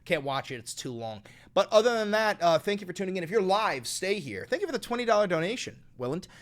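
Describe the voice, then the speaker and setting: A high-pitched, fast-talking man hosts a live-streamed political commentary show. He reads news stories aloud, then riffs on them in an animated, profane way.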